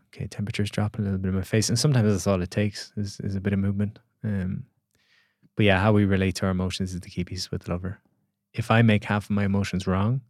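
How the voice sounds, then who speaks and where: A man's voice: on the low side, no echo, clean studio sound. A man, a podcast guest and coach talking casually and acting out the voices in his stories. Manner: animated storyteller acting out quoted voices.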